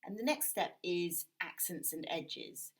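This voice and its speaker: A British woman, her voice sitting a little low, talks through a drawing demonstration indoors at a table. She explains gently and thinks aloud as she works, like an art teacher guiding a class at home. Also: lively intonation, unhurried, poor audio. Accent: British English.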